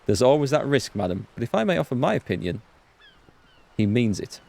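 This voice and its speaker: A man's voice: mid-range voice, very animated, a little fast, gravelly, a little mellow. A man reading the lines of a composed male police lieutenant in a game, formal and courteous, in close to his own voice. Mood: dry.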